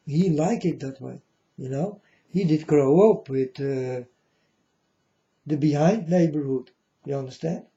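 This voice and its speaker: This is a casual spoken monologue from a self-styled spiritual speaker, rambling and profane, peppered with "you know" and marked by non-native grammar. He speaks a little slowly with long pauses, in a dark-toned voice on the high side. The recording is muffled.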